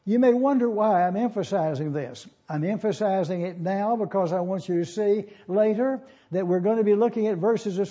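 A pastor teaching a Bible lesson, spelling out words letter by letter and repeating key phrases slowly. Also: male voice, high-pitched, dark tone, slightly rough. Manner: slow, deliberate, spells out Greek words letter by letter. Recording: dull lo-fi sermon recording.

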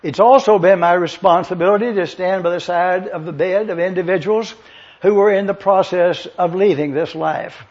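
An older male pastor delivers a teaching sermon, pausing to spell out words letter by letter. His voice sits high and sounds husky. The recording is dull and lo-fi. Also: darkish tone. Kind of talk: expository sermon.

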